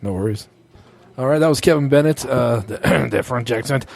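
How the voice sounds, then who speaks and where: A man's voice: mid-range voice, normal speed, gravelly, soft background music. A man hosting a casual comedy podcast interview, chatty and joking with his guests. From Colorado. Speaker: podcast host and comedy promoter.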